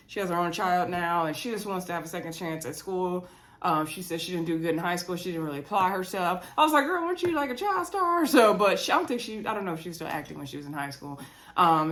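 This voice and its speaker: A woman's voice: lowish voice, a bit bright. Chatty woman recapping reality TV. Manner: chatty, laughs often, acts out quotes. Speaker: recap vlogger. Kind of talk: casual reality-show recap.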